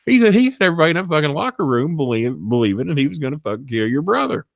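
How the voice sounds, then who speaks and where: A man's voice: a little high, big pitch swings, rapid-fire, gravelly, no echo, studio quality. A man telling a profane backstage story in casual chat, acting out the people he quotes in shifting voices. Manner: acts out quotes in shifting voices, swears often. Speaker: storyteller guest.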